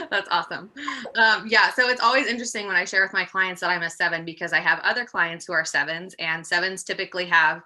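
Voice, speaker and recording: A woman in her thirties gives a casual talk over a video call, a little out of breath. Her voice is very bright and fairly low-pitched, and her delivery is upbeat and chatty, full of ums and small laughs. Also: brisk. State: slightly out of breath from pregnancy. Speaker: guest presenter, project manager. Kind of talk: casual webinar presentation. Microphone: computer mic on a video call.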